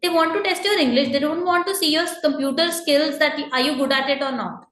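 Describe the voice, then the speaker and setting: A woman with a high, bright voice teaches an exam-prep lesson in an echoey room. She explains patiently, fills pauses with "uh" and "you know", and keeps repeating her main points. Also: fairly even intonation. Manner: patient and explanatory, many fillers and repeated reminders. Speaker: IELTS teacher. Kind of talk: online lesson, explaining to students.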